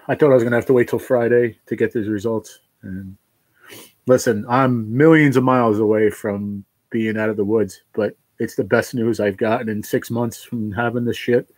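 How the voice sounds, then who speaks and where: A man talking to his livestream viewers, halting and emotional, choked up with tears of joy. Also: fairly low pitch, fairly even intonation, a little mellow, no echo, poor audio. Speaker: livestream host.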